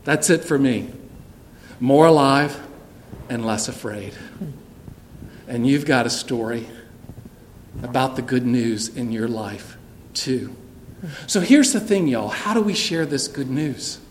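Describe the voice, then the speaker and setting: A middle-aged man, preaching a sermon in a church sanctuary, telling a personal story earnestly and dropping soft and low for tender moments. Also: lively intonation, unhurried, slight background noise. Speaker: pastor.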